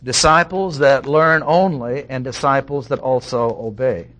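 A man delivers a verse-by-verse sermon at a middle pitch. He reads scripture aloud and stresses key words with steady emphasis, like a teaching pastor walking a congregation through a passage. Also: a little slow. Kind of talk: expository sermon.

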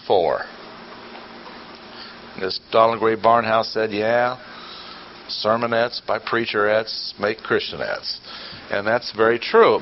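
An older man preaches a teaching sermon in a mid-range voice. He peppers the talk with rhetorical questions, emphatic bursts and dry, sarcastic asides. The recording is muffled and lo-fi, with a faint hiss underneath. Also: medium pitch. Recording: dull lo-fi audio with faint noise.

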